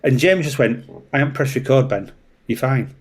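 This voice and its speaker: Yorkshire man telling a lively anecdote. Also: mid-range voice, normal speed, breathy edge. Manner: animated, swears freely, acts out voices in anecdotes. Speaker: traffic police officer, guest. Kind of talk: casual storytelling.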